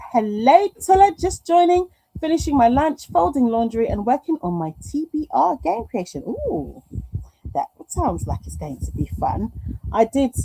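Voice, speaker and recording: A woman's voice: on the high side, noisy background. A middle-aged woman hosting a live stream at home, chatting and reading out viewer comments in a rambling, affectionate way. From United Kingdom. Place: home room.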